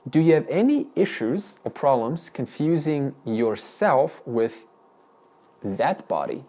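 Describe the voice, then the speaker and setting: Male spiritual teacher, mellow voice, animated pitch, keeps asking questions, restarts sentences. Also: takes it slowly. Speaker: Vedanta teacher. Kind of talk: interactive spiritual lesson. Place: teaching room with class.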